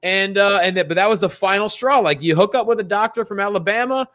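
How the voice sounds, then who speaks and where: A man's voice: sits high, quick pace, fairly bright tone. A young man from Pennsylvania, a comedian telling a self-mocking story in a casual podcast chat.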